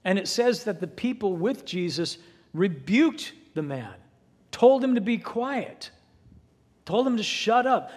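Pastor preaching in a reverberant hall. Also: male voice, sits high, expressive, measured pace, a little mellow. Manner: dramatic retelling with voiced quotes. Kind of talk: sermon. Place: church sanctuary.

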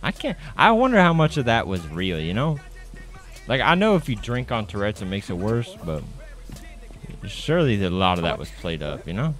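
Crude-joking man, lively voice. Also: fairly low pitch, moderate pace, faint music behind. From United States. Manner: crude joking, laughs often. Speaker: streamer. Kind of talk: casual gaming stream chat.

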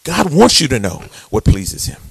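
A male pastor preaching a sermon, dramatic and call-and-response, with shouted peaks, sung phrases and quick, low storytelling stretches. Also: sing-song, creaky, breathy edge, no room sound.

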